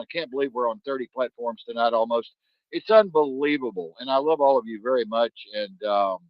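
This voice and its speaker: A man hosting a podcast, chatting in a rambling, animated way and swearing freely. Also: medium pitch, no echo, highs cut off. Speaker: podcast host. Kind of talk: casual podcast chat.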